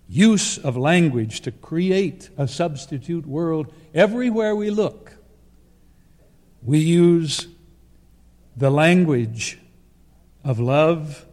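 Man, sermon, very slow and deliberate, long echo of a large hall. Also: fairly high pitch, darkish tone. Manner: slow, deliberate delivery with pauses between phrases.

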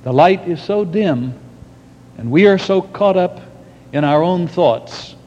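A male preacher delivering a storytelling sermon in a slow, dramatic way with long pauses, addressing a church audience. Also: a little mellow. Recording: long hall reverb, dull lo-fi, faint rumble.

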